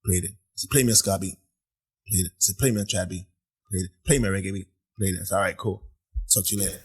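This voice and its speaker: A man's voice: sits low, steady tone, quick pace, husky. A man, a musician guest, telling stories in casual chat in an apartment, acting out quoted voices and laughing often.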